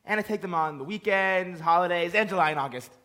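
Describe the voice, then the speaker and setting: A man's voice: sits high, fast talker, sharp tone. A young man playing a mopey, fussy divorcé. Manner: mopey, fussy, self-pitying. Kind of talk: stage play scene.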